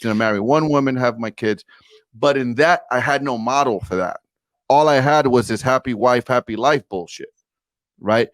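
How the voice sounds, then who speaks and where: A man's voice: mid-range voice, normal speed, no room sound. A man in his forties, a podcast guest, telling a personal story in an earnest, emphatic way and speaking directly to the host. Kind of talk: candid storytelling interview.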